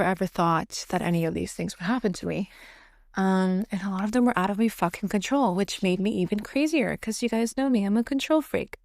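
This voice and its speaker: A woman's voice: mid-range voice, creaky, a little mellow, no echo, clean studio sound. A young woman hosting her own podcast late at night at home, talking frankly and profanely with lots of fillers and laughing through heavy topics. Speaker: podcast host. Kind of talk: candid solo podcast monologue.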